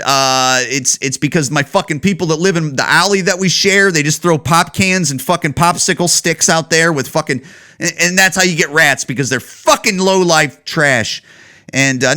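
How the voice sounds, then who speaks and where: A man from Chicago hosting a comedy podcast, ranting in a profane, animated storytelling manner. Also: a little high, normal speed. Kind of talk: casual comedic rant.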